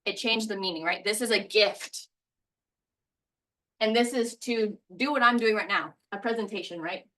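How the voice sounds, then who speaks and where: A woman's voice: mid-range voice, moderate pace, sharp tone, recorded from a distance, rough recording. A woman teaching a recorded language lesson, explaining pronunciation step by step. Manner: explanatory, walks through examples step by step.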